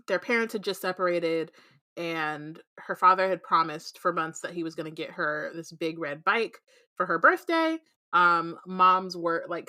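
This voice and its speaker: A woman's voice: on the low side, pushed and bright, no echo, studio quality. A woman co-hosting a podcast, retelling a book chapter in casual chat with many fillers. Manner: chatty, many fillers, laughs often. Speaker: podcast co-host.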